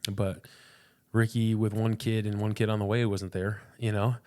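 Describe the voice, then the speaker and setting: A man's voice: lowish voice, level tone, moderate pace, darkish tone. A young man and pastor, a podcast guest, telling a personal faith story in an earnest, casual way, often repeating words and saying "dude".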